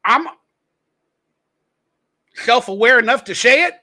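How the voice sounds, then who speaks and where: Brash high-voiced man ranting. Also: animated, takes it slowly, sharp tone. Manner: blunt, profane, mocking. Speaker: podcast host. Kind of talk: ranting commentary.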